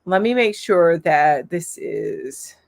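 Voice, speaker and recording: A woman's voice: lowish voice, very animated, takes it slowly, gravelly. A chatty, upbeat woman in her forties from Florida, hosting a casual live stream where she reads viewer comments aloud and laughs often. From Florida, USA.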